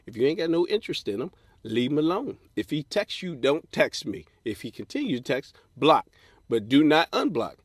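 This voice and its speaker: A man's voice: mid-range voice, no room sound. A man hosting a comedy podcast, delivering a blunt, profane, advice-giving monologue and acting out quoted voices. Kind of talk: stand-up style comic monologue.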